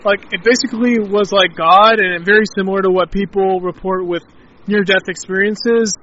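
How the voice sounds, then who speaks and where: A man's voice: sits high, steady tone, normal speed, bright, forceful tone, lo-fi sound. A man talking casually outdoors, rambling and reflective, with many filler words. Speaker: interviewee.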